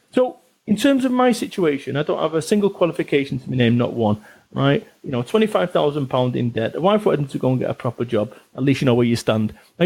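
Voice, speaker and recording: This Englishman in his forties has a slightly high, creaky, somewhat mellow voice and a Northern Salford accent. As a business author on a podcast, he's blunt and swears a lot in relaxed interview talk, hammering points home by repeating phrases.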